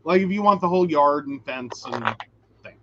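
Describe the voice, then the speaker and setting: Chatty high-voiced male co-host. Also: normal speed, slight background noise. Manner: chatty, animated storytelling. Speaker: co-host reading viewer questions. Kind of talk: live-stream chat. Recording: dull lo-fi stream audio.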